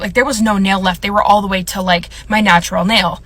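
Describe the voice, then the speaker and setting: Fast-talking young woman near tears. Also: mid-range voice, fairly even intonation, fairly bright tone. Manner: rambling, filler-heavy, upset. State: on the verge of tears. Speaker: content creator. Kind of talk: storytime vlog.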